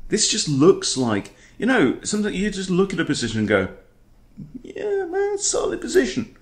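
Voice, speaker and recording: A man's voice: a little high, big pitch swings, normal speed. A man coaching chess, talking through a game in a playful, chatty way. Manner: playful, chatty, throws in silly impressions. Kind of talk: casual game commentary.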